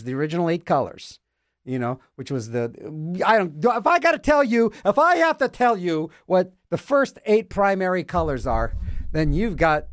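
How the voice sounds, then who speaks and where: A male radio host with a high, bouncy voice rambles through comic asides, goofy and self-mocking, repeating words in silly voices. The recording is dry and close-miked, with no echo.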